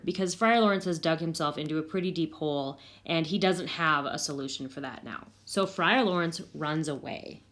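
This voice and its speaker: A woman's voice: low-pitched, moderate pace, hardly any pauses, a bit bright, slight background noise. A woman, probably a teacher, casually retelling a play scene and paraphrasing its lines in everyday words.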